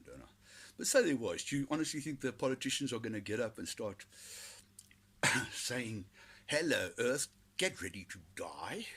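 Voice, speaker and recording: A man's voice: fairly low pitch, fairly bright tone, slightly rough. A South African man hosting a podcast, rambling through sardonic, foul-mouthed commentary. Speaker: podcast host. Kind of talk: casual solo commentary.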